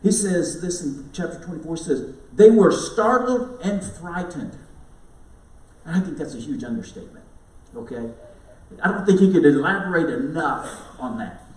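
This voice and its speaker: A man's voice: fairly high pitch, expressive, normal speed. A man preaching an Easter sermon to his congregation in a conversational, storytelling way, with frequent asides to the listeners. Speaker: pastor. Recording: roomy echo, mic at a distance.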